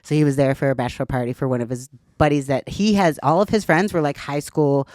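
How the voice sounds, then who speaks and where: A woman's voice: sits low, quick pace, darkish tone, no room sound, studio quality. A woman in her thirties, a podcast guest, telling her story in a candid, chatty way and swearing casually.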